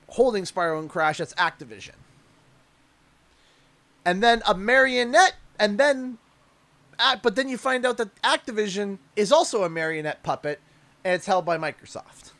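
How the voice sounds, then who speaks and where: A young Canadian streamer jokes and rambles while unboxing something on a livestream, speaking at normal speed. His voice is high for a man, with wide pitch swings that jump up when he gets excited.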